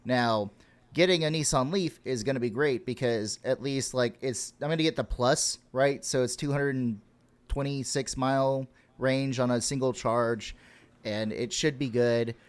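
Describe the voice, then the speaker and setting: A man's voice: medium pitch, a little slow. A man from Texas co-hosting a podcast, ranting and swearing casually with laughs. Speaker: podcast co-host.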